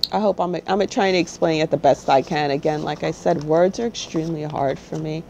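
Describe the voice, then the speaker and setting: Blunt, low-voiced woman spiritual guide. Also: steady tone, fairly quick, creaky, darkish tone, a little hiss or hum, low-quality recording. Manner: blunt, straight-talking, keeps asking "okay?". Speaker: spiritual guide and channel host. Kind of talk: casual spiritual talk to camera.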